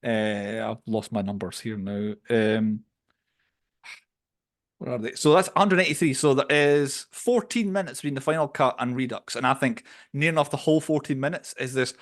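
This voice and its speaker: A man co-hosting a podcast, casually reviewing a film in an opinionated, animated way. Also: medium pitch, moderate pace. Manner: opinionated, animated storytelling with quoted voices. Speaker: podcast co-host.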